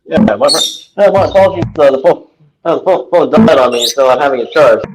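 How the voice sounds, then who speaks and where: A man's voice: fairly high pitch, lively intonation, brisk, heavy background noise. A man joining a live stream through a tablet microphone, chatting casually and hesitantly, repeating his words. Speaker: stream participant.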